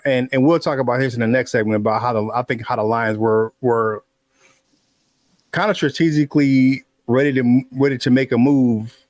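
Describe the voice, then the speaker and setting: A middle-aged man and father co-hosting a sports podcast, talking in a relaxed, reflective way. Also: mid-range voice, no room sound, clean studio sound. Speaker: podcast co-host. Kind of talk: casual sports chat.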